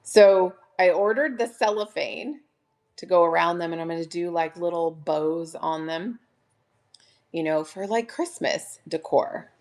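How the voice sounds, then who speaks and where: A woman hosting a casual live sale from home, chatting warmly and gushing over each item. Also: lowish voice, measured pace. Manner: chatty, gushing, addresses viewers as "you guys". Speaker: online live-sale seller. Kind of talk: casual live-stream selling chat.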